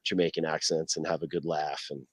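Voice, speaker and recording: A man's voice: a bass voice, flat delivery, a little fast, breathy edge, no room sound. A man hosting a podcast in casual wrestling chat, telling stories in a rambling, enthusiastic way with lots of fillers. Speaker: podcast host.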